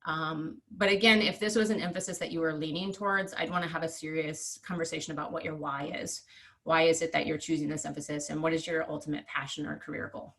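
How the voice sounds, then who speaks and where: A woman's voice: deep voice, fairly even intonation, fast talker, fairly bright tone. A woman, presenting degree options in a virtual information session over a video call, explanatory with frequent ums. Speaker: university presenter.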